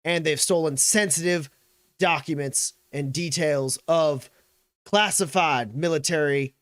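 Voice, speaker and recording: A man's voice: fairly high pitch, measured pace, no room sound, pitched above the performer's own voice. A man voicing a stern, threatening male colonel who barks orders and threats in a raised, commanding voice. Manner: loud, commanding, menacing.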